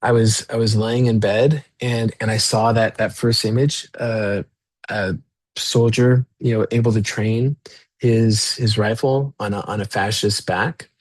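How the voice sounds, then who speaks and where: A man with a fairly low voice reads from his own novel in a steady, measured way. The sound is dry and close. When he stops reading to talk, he stumbles a little and leans on fillers. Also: no echo. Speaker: author. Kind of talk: reading his own novel aloud, then casual remarks.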